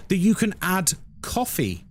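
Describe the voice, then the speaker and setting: A man's voice: high voice, wildly swooping pitch, measured pace, a little hiss or hum. A British man chatting casually on a live stream, wry and sarcastic as he answers his chat. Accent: British English. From Britain.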